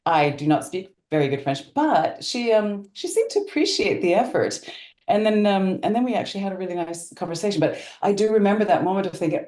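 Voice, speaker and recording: A woman guest telling stories in a casual interview, animated, with many restarts. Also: medium pitch, fairly quick, echoey room. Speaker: guest actor.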